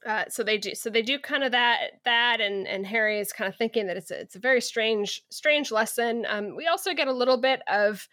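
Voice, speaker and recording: A woman podcast co-host summarizing a book chapter in casual, halting chat. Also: on the high side, pushed and bright, no echo, clean studio sound. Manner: hesitant, lots of restarts.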